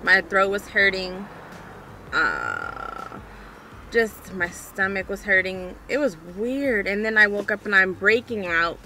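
A woman's voice: medium pitch, big pitch swings, slow, noisy background. A woman talking frankly in a casual video diary, complaining and chatting as a vlogger. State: out of breath.

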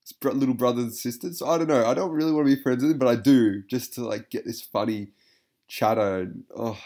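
A man's voice: medium pitch, fast, dark tone. A man giving casual reaction commentary, rambling with lots of fillers, swearing and frequent laughter.

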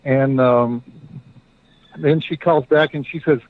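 A middle-aged man telling a story as a guest, halting, with many fillers and restarts. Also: mid-range voice, steady tone, dry recording. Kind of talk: casual storytelling. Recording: dry tinny phone-like line.

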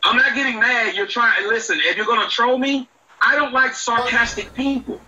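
On a phone-in show, a male host argues defensively, cursing and cutting in. His extremely high voice sounds pushed and bright at a normal speed. The clip is muffled with faint noise.

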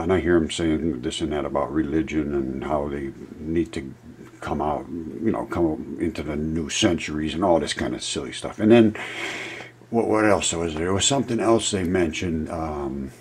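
A man's voice: very deep voice, normal speed, a little mellow, a little hiss or hum. A man vlogging in a rambling, storytelling way, losing his thread and restarting as he explains his ideas. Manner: meandering, loses track and restarts. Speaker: amateur science vlogger.

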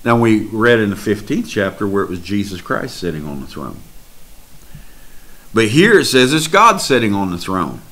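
A man preaching a slow, drawn-out sermon, reading scripture aloud and expounding on it. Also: lowish voice, big pitch swings, a bit bright.

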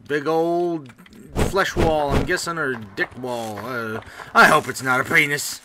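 A man's voice: fairly high pitch, measured pace. A young man giving casual, rambling, joking gameplay commentary as a let's play host. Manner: rambling, joking, bursts of loud excitement.

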